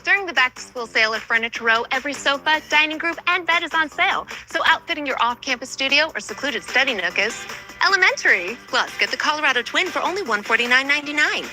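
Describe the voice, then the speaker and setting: A woman's voice: high-pitched, animated, fast talker, rough recording. A woman reading a scripted store advertisement in an upbeat sales tone. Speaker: radio ad announcer. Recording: ad read over music.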